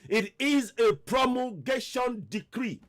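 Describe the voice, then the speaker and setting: Impassioned man with lively pitch. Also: slow. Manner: rhetorical, repeats questions, rising outrage. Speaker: online radio host. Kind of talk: impassioned political commentary.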